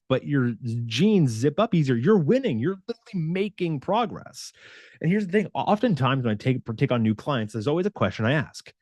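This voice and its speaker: In a casual talk to camera, a man who coaches fitness chats with his audience, lively and conversational, performing the quotes as he goes. His pitch is medium and there's no echo.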